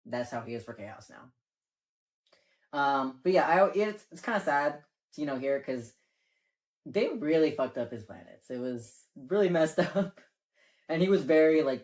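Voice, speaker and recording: A man co-hosting a casual chat and explaining game lore in a rambling way, leaning on filler words and swearing now and then. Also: medium pitch. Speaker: co-host.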